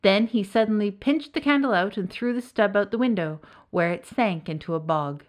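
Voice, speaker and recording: A woman narrating a serialized folk tale with lively, expressive storytelling. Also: medium pitch, moderate pace. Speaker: narrator and author.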